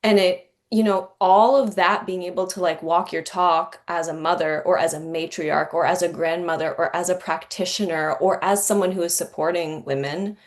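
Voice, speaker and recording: A woman's voice: fairly low pitch, steady tone, normal speed, few pauses. A woman hosting a podcast, telling a personal story in an earnest, candid way, with many "like" fillers. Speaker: podcast host. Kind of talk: reflective conversational storytelling.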